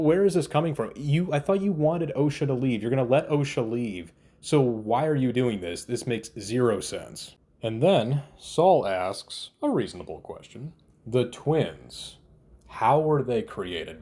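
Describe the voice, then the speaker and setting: A man's voice: fairly low pitch, a little mellow. A man giving a casual spoken TV review, exasperated and incredulous, often laughing in disbelief. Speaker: TV show reviewer.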